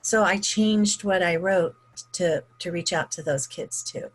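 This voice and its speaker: A woman author chats as a podcast guest in a husky, lowish voice. She is soft-spoken and agreeable, answering questions plainly. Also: unhurried, rough recording. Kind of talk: casual interview chat.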